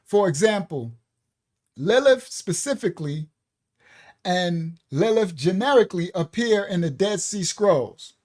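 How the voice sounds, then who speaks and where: A man with a New York accent teaching a live-streamed bible study. He pauses and restarts often, spells words out letter by letter, and turns aside to talk to his viewers. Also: high voice, animated, darkish tone. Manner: talks things through, spells words out letter by letter.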